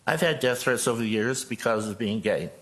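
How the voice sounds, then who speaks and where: An older man from Joplin speaks at a council podium microphone, reading a prepared statement in an earnest, measured way. His voice is mid-pitched and steady. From Joplin, Missouri. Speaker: pastor speaking at public comment. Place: city council chamber.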